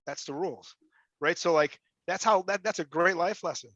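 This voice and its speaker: A man's voice: high voice, moderate pace, a bit bright, dry recording, dull audio. A man giving blunt, profane motivational talk as an interview guest, often repeating words as he starts a thought.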